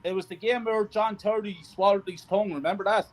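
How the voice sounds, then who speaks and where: Football fan man, high voice, halting fond storyteller. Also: steady tone, over a noisy crowd, rough recording. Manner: earnest recollection with ums and restarts. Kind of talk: casual chat.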